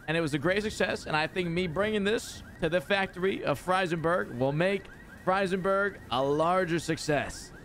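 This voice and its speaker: A man's voice: sits high, moderate pace, fairly bright tone. A man role-playing in a game, defending himself playfully and laughing often. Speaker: streamer roleplaying a character. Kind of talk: in-character roleplay banter. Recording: game voice chat with faint noise.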